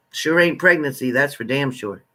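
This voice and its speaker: Bright-voiced chatty man hosting a live stream. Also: fairly high pitch, gravelly. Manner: chatty, greets viewers by name in warm familiar terms. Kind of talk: casual live-stream chat with viewers.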